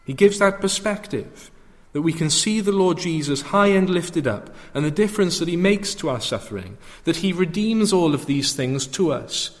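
Guy preaching a sermon, earnest and fervent, kinda high voice, long hall echo. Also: lively intonation, moderate pace. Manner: earnest, rising to fervent proclamation.

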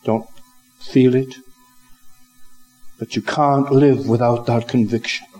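An older man preaching a sermon, slow and reflective, building to emphatic rises. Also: mid-range voice, fairly even intonation, darkish tone, low-quality recording. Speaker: pastor.

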